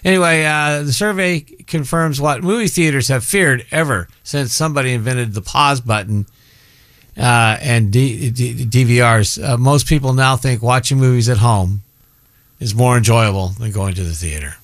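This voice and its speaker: A man's voice: medium pitch, normal speed, fairly bright tone, no room sound. A middle-aged man hosting a casual chat show, rambling and often breaking off mid-sentence. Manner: rambling, self-interrupting, chatty. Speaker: show host.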